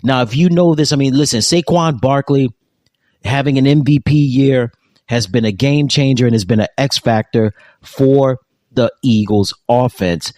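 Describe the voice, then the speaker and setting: A man's voice: mid-range voice, moderate pace, darkish tone, no echo. A man hosting a sports show, giving solo football commentary in an emphatic way and repeating his points.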